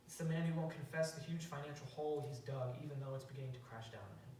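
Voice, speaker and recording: A man's voice: mid-range voice, fast, mellow, slight background noise. A young man preaching a sermon in a church, telling a story in a casual way with fillers and restarts. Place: church sanctuary. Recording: very echoey hall, mic far off.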